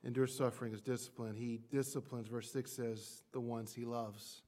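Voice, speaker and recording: A middle-aged male pastor giving a sermon, moving from soft, hushed passages to loud, impassioned climaxes. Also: mid-range voice, flat delivery, moderate pace.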